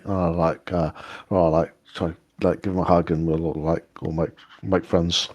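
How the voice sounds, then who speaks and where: A man's voice: low voice, fairly even intonation, moderate pace, hardly any pauses. A man playing a tabletop game, chatting casually and talking in character. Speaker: player. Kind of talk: casual play and in-character talk.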